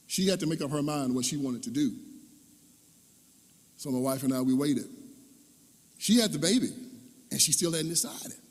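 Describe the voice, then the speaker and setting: A man in his fifties tells a personal story as a banquet speaker, animated and dramatic. His voice is a little husky and fairly high for a man. A long reverb trails behind him in the hall. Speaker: guest speaker. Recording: echoey hall.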